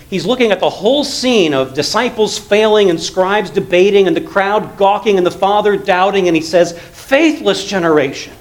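A male pastor preaching an earnest sermon, rising to emphatic lines and dropping to quiet, low passages. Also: rough recording. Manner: earnest preaching, swells loud then drops to quiet low tones.

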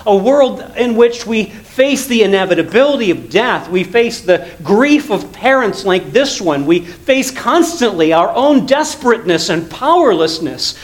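A male pastor preaching an earnest sermon, rising to emphatic lines and dropping to quiet, low passages. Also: big pitch swings, a little slow, few pauses, rough recording. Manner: earnest preaching, swells loud then drops to quiet low tones.

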